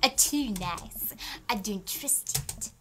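A woman's voice: mid-range voice, animated, takes it slowly, noisy background. A woman co-hosting a let's play, chatting casually in a goofy, teasing way and giggling often. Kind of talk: casual gameplay chat.

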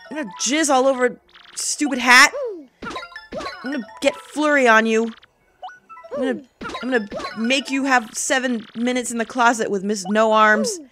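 Loud, exasperated woman gaming commentator. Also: on the high side, lively intonation, normal speed, faint music behind. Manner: loud, exasperated, profane outbursts. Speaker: game commentator. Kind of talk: let's play commentary.

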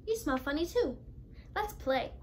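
A woman's voice: high voice, expressive, measured pace, a little mellow, slight background noise, pitched above the performer's own voice. A teenage girl voicing a friendly young male skunk in a storybook reading, in a lightly raised, friendly voice.

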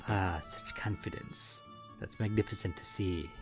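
A man voicing a smooth, flattering nobleman prince bird with a hammy, theatrical fake Spanish accent while reading a visual novel aloud. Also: low voice, measured pace, music in the background. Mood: grandly polite.

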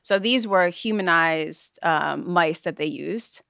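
Woman podcast co-host who explains the news. Smooth, lower voice, recorded close and dry. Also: slow pace, a bit bright, no echo. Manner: earnest explainer, laughs easily. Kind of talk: casual chat, explaining news.

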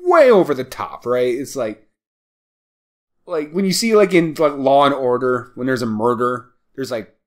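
A man's voice: mid-range voice, expressive, measured pace. Guy on a movie podcast, rambly and giggly, lots of likes and you knows. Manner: rambling, laughs a lot, many fillers. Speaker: podcast co-host. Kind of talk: casual film discussion. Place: small town.

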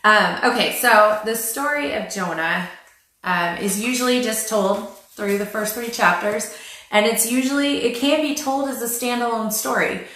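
A woman's voice: a little high, moderate pace, bright, forceful tone. A woman giving casual spoken Bible teaching, chatty and wry, retelling scripture with dry sarcasm and frequent filler words. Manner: frequent "um" fillers and light laughs. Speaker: Christian family Bible teacher. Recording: very echoey room.

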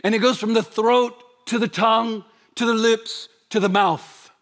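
A man with a fairly high voice preaches a church sermon. He moves between forceful emphasis and low, hushed lines. He asks rhetorical questions along the way. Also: fairly even intonation, moderate pace. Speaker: pastor. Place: church sanctuary.

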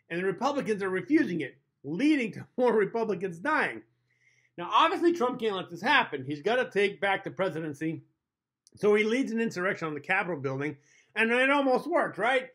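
Guy with a kinda high voice doing a comedy monologue, laughs at his own jokes, raises his drink now and then. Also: fairly bright tone. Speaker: comedy show host.

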